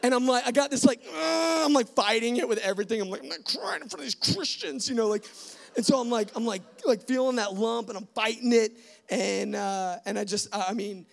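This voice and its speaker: A young man giving a church testimony to a live audience, animated and full of fillers, acting out bits of dialogue. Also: sits high, fairly quick, creaky. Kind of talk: sermon testimony storytelling.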